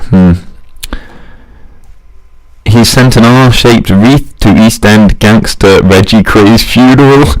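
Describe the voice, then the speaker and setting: A young man rambling through a casual solo monologue, self-mocking and chuckling at his own jokes. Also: lowish voice.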